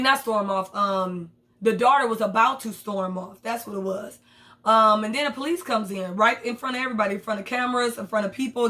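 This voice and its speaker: A woman, talking through a TV episode in casual recap mode. Her voice sits a touch on the high side, and she is blunt and profane, jumping into the characters' lines as she retells them. It sounds like relaxed, animated commentary. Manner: candid, profane, animated retelling with quoted asides. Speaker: TV show reviewer.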